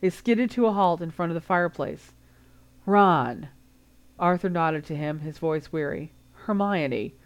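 A woman reading fan fiction aloud as an audiobook, steady and unhurried. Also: on the low side, clean tone. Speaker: audiobook reader.

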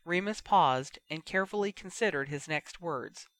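Bright-voiced man reading a story. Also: a little high, normal speed, no echo. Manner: expressive, steady storytelling. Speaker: reader. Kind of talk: fan fiction audiobook narration.

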